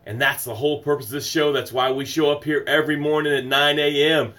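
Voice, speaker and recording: A man's voice: a little high, steady tone, fast talker. A man hosting a morning motivational livestream, emphatic and repetitive, greeting viewers by name and guiding breathing exercises. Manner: swings from loud exclamations to soft breathing guidance. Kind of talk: motivational live stream talk.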